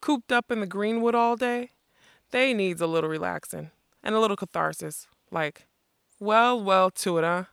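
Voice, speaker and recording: A reader voicing a huge, gruff male outlaw with rough rustic grammar, in a storybook reading. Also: medium pitch, moderate pace, a bit bright, no echo, clean studio sound. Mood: grumbling.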